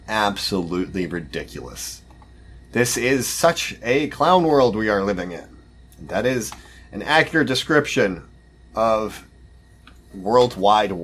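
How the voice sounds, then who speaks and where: A man's voice: medium pitch, husky. A man hosting a podcast, reading news articles aloud and commenting on them in a sarcastic, mocking way. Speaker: podcast host.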